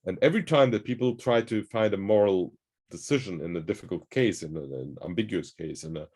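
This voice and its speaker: A man's voice: on the low side, brisk, darkish tone. A man hosting a conversation, explaining ideas in a thoughtful, searching way. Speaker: host. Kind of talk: conversational discussion.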